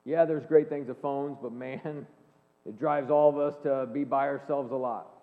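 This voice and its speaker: A man in his forties giving an earnest, animated faith-based talk, telling personal stories to an audience in a large hall. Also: medium pitch, normal speed, creaky. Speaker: speaker and leadership coach. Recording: long hall reverb, phone-like band.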